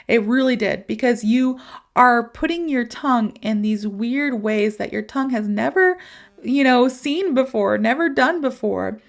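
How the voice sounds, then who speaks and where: A woman's voice: fairly high pitch, measured pace, gravelly. A woman hosting a podcast as a teacher, talking casually and upbeat straight to her listeners. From United States. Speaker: podcast host and English teacher. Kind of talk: casual solo podcast talk.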